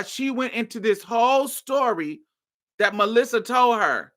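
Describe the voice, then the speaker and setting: A woman tells a story from her own life on her podcast, speaking casually and swearing freely. Her voice is bright and forceful and sits a little high. She talks straight and often turns heated. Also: expressive, unhurried. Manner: blunt and profane, rising to heated outbursts. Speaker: podcast host.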